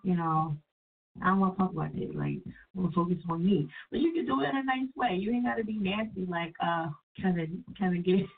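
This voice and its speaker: A woman hosting a call-in radio show while sick, talking in a loose, chatty, profane way and jumping into high-pitched voices when she quotes people. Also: expressive, a little fast, slightly rough. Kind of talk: casual call-in radio talk. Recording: distant, phone-like radio audio.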